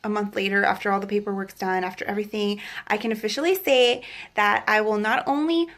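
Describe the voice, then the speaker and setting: A woman's voice: mid-range voice, steady tone, fast talker, a bit bright. A young woman telling a personal faith testimony in a chatty vlog, full of "like" and acted-out quotes. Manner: chatty, fillers of "like", acts out quotes. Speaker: vlogger. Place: Los Angeles area.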